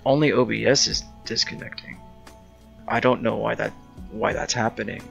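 Gravelly, bright-voiced male streamer. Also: on the low side, steady tone, normal speed, soft background music. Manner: chatty, thinks aloud, reads game dialogue choices aloud. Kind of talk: casual live-stream gaming commentary.

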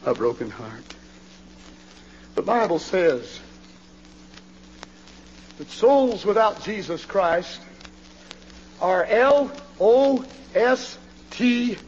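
A male preacher delivering a fiery revival sermon in a church, swinging from hushed pleading to hollering. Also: extremely high pitch, slight background noise. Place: church sanctuary. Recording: dull, reverberant old church recording.

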